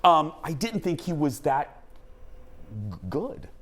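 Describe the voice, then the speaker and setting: Male talk show host, slightly high, very animated pitch, loose rambling delivery. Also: slow pace, heavy background noise. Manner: animated and rambling, with frequent restarts. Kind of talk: casual entertainment news chat.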